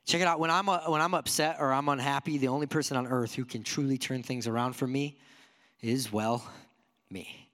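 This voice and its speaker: A man's voice: medium pitch, steady tone, fairly quick, a bit bright, big-room sound. A man preaching a sermon to a church congregation in an earnest, conversational way, asking his listeners many rhetorical questions. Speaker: pastor.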